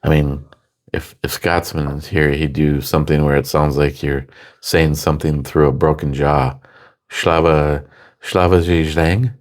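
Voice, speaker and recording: A man's voice: very deep voice, fairly even intonation, unhurried. A man co-hosting a beer review stream, chatting casually and joking while he reads viewer comments aloud. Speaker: beer review co-host reading chat comments. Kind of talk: casual chat.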